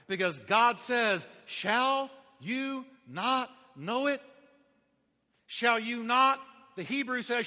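Male pastor, sermon delivery, emphatic with shouted peaks; higher, piercing voice; reverberant hall.

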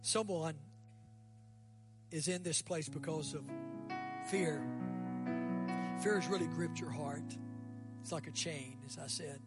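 A guest pastor, a man, preaching a sermon and leading an altar call, swinging between loud rising bursts and quiet, dropped lists. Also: a little high. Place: church sanctuary.

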